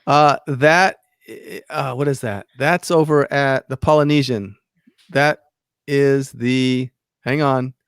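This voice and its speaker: A man co-hosting a casual live stream chat, halting and stumbling for words, laughing along. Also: medium pitch, steady tone, clear, resonant tone, no echo, studio quality.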